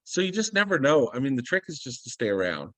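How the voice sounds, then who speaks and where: A man's voice: medium pitch, fast, no room sound. A man speaking as a guest on a video call, telling a story with energy and acting out what people said. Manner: animated storyteller, acts out quoted dialogue.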